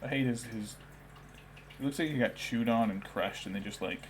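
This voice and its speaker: A man's voice: mid-range voice, moderate pace, a little hiss or hum. A young man chatting casually while painting miniatures on a stream, rambling and now and then talking baby talk to his cat.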